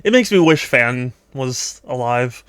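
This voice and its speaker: A man with a smooth, clear voice chats loosely on a live stream as he works through drawing requests. He rambles, laughs easily, and drifts off mid-thought, recorded close and dry with no room sound. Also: medium pitch, animated, measured pace, a bit bright, no echo. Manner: rambling, chatty, laughs often, trails off in thought. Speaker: streamer taking art requests. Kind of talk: casual live-stream chat while drawing.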